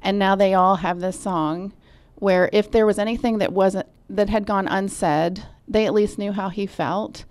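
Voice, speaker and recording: A woman music therapist speaks on a radio interview with a mid-range voice. She recounts a patient's story gently and reflectively. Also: medium pitch, fairly even intonation, normal speed.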